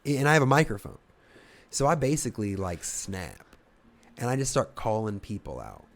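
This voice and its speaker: On a podcast, this Ohio-born young comedian spins a loose, foul-mouthed anecdote, cursing freely and performing the characters' voices in a lively way. He speaks at a normal pace in a gravelly, fairly low voice.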